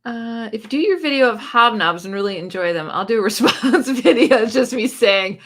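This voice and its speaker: A woman's voice: a little high, expressive, moderate pace, hardly any pauses. A woman hosting a casual livestream about books, chatting loosely, laughing often and reacting to viewer comments. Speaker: book channel host.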